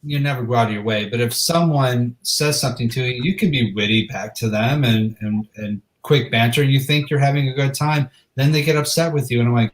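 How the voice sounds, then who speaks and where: A man's voice: mid-range voice, brisk, few pauses, echoey room, rough recording. Easygoing man in casual banter. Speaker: podcast co-host. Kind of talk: casual chat.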